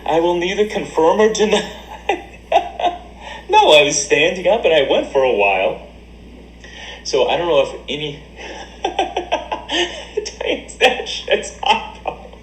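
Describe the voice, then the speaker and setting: A man's voice: sits high, very animated, slow pace, pauses often, echoey room, a little hiss or hum, low-quality recording. A man livestreaming and reading chat aloud, joking crudely and laughing often into a desk mic. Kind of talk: casual stream banter. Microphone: desk USB mic.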